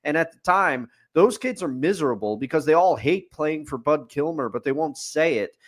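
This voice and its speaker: A man's voice: fairly high pitch, animated, moderate pace. A man co-hosting a casual sports podcast, opinionated and picking things apart point by point. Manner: opinionated, building lists with a repeated refrain. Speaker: podcast co-host.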